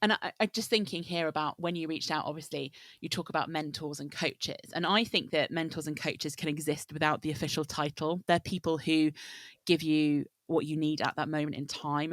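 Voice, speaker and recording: A woman's voice: deep voice, dry recording. A woman hosting a conversational podcast, talking thoughtfully and building long reflective points. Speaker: podcast host. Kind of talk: casual conversational interview.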